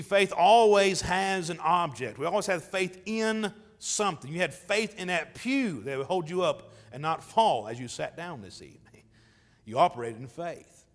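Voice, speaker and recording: High-voiced preacher in a reverberant church. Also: male voice, a bit bright. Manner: emphatic preaching with swells in volume, reads scripture aloud. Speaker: pastor. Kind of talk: sermon. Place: church sanctuary.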